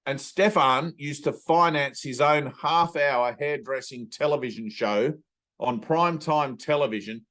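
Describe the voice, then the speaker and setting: A man's voice: medium pitch, unhurried. Man giving a rambling spiritual talk. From Australia. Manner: warm, rambling storytelling with playful voices. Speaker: spiritual teacher. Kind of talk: satsang talk on a video call. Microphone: video call.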